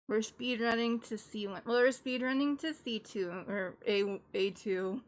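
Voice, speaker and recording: A woman chatting casually on a live stream as she learns French, playful and giggly, slowly sounding out French phrases. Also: on the high side.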